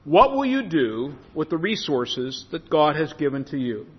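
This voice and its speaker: A pastor preaching in a church, his pitch swinging up and down and his delivery animated. His voice is a touch higher than most men's. It rings out with a long hall reverb, and the sound is slightly dull and lo-fi. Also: husky. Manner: preaches with lively rises, slows for scripture. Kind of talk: sermon.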